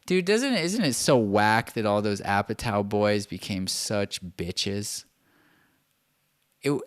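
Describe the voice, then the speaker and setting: A man's voice: sits low, clear, resonant tone. Profane, sarcastic ranting male host. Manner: profane, sarcastic, laughs while talking. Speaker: podcast host. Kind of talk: ranting solo commentary.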